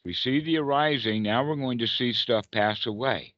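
A man's voice: medium pitch, moderate pace, few pauses, fairly bright tone, no room sound. A male meditation teacher talking over a video call, loose and playful, slipping into silly quoted voices to make his point. The sound is close and dead, with a dull, muffled call quality. He sits in the middle of the male range. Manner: playful, acts out little quoted voices and laughs. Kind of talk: casual teaching talk on a group call.

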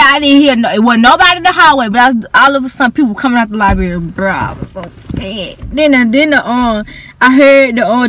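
A woman's voice: on the high side, fairly bright tone. A young woman, animatedly retelling an embarrassing school story in casual storytime style, with slang and dramatic emphasis. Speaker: vlogger.

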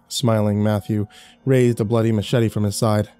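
A man's voice: fairly low pitch, little pitch movement, normal speed, mellow, smooth, soft background music. A man narrating a horror story with intensity that rises during action.

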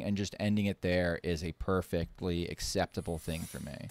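A man's voice: low voice, normal speed, few pauses, no room sound, studio quality. A man streaming a card game, thinking aloud and joking as he plays. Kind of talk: casual gameplay commentary.

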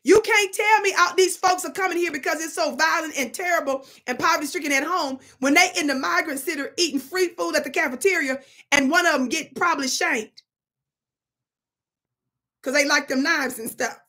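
A woman's voice: high voice, fairly quick, sharp tone. A middle-aged woman giving emphatic, casual commentary to camera, talking straight to her viewers. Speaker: political commentary vlogger.

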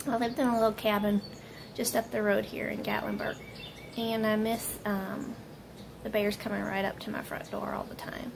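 Chatty woman with a gravelly voice. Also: fairly high pitch, noisy background. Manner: chatty and rambling. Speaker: vlogger. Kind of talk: casual chat to camera.

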